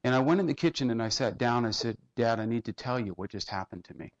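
A man preaching a sermon, telling a personal story in a heartfelt way and going soft and quiet when he quotes others. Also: medium pitch, animated, fast talker, lo-fi sound. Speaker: pastor.

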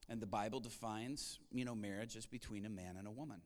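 A man's voice: on the low side, fast, big-room sound. A man, a pastor, telling a story in a sermon and acting out the people in it. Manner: animated storyteller acting out quotes. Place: large church hall.

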